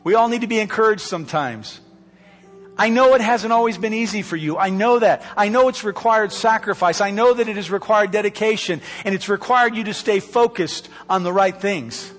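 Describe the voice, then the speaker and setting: A man preaching a sermon from a church pulpit, earnest and pleading, slowing down to stress key words. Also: sits high, in a large hall, faint music behind. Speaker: pastor. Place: church sanctuary. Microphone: microphone.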